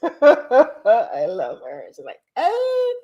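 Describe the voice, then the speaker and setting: A woman's voice: fairly low pitch, unhurried, mellow, lo-fi sound. A woman hosting a casual live stream from home, reading viewer comments aloud and laughing often. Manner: laughs often, bubbly and chatty.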